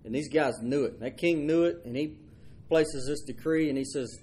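A man's voice: on the high side, normal speed, a little mellow, husky. A man preaching a folksy sermon. He stumbles over and repeats his words and acts out the people in the story.

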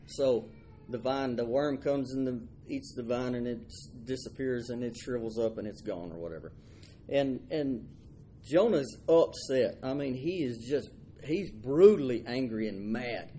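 A man's voice: medium pitch, measured pace, mellow, a little hiss or hum. A man preaching a folksy sermon. He stumbles over and repeats his words and acts out the people in the story.

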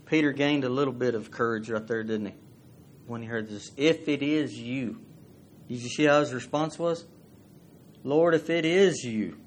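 A man's voice: mid-range voice, normal speed, a little hiss or hum. A man preaching a sermon, reading scripture and asking the congregation questions in a folksy way.

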